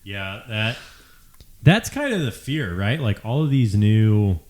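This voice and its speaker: A man's voice: lowish voice, big pitch swings, slow, a little mellow. A man co-hosting a casual chat over drinks, talkative and often hedging with "I don't know.". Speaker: podcast co-host.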